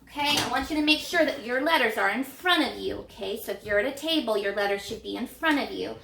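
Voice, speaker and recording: Woman, elementary teacher, encouraging, sing-song, slightly high voice, echoey room. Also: vocal fry, bright, forceful tone. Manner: encouraging, slow and sing-song, modeling sounds. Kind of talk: early reading lesson for children.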